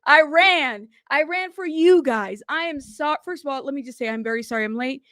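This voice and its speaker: A woman's voice: high-pitched, lively intonation, normal speed, a bit bright, no room sound, studio quality. A woman hosting a casual live stream from home, chatty and apologetic, constantly thanking her viewers and calling them "y'all.".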